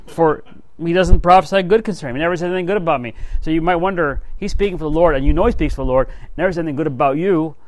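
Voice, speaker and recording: A man's voice: a little high, a little mellow, dry recording, poor audio. A man teaching a Bible study, reading scripture aloud and then commenting in a casual, conversational way with frequent asides to his listeners. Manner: frequent "you know" and "right?" asides.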